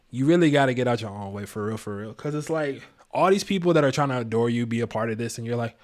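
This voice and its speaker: A man giving a casual live tarot reading, slangy and laid-back, chuckling to himself. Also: medium pitch. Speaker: tarot reader and astrologer.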